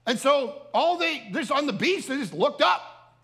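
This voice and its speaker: A man preaching a storytelling sermon at a family camp, animated and prone to repeating words and restarting sentences. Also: very high voice, a little slow, vocal fry, a little hiss or hum. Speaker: camp speaker.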